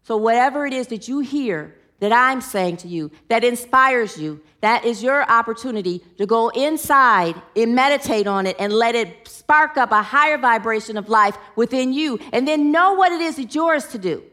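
A woman's voice: fairly high pitch, lively intonation, moderate pace, few pauses, a bit bright. A woman teaching a sermon in an earnest manner, leading her listeners in affirmations and telling stories with animation. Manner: earnest, leads the group in affirmations. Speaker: spiritual teacher.

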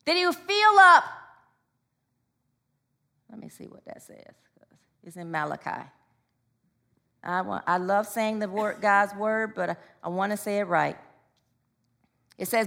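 A woman's voice: medium pitch, lively intonation, unhurried, gravelly, pauses often, sharp tone. A woman preaching a sermon, telling personal stories and calling out to the congregation for responses. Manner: personal storytelling.

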